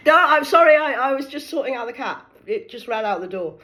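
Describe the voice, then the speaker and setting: A woman's voice: high-pitched, sharp tone. A woman from the north of England with a County Durham accent, telling a mocking story to the camera, swearing freely and acting out both sides of a phone call. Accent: County Durham English. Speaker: social media creator. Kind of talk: sarcastic storytelling monologue.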